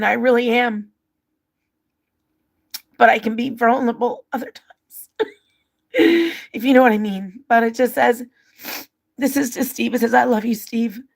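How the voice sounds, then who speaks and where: Woman with a gravelly, fry-laced voice. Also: a little high. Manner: softly reads out viewer comments and her own writings, emotional and open. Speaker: livestream host. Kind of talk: casual livestream chat and reading personal letters aloud.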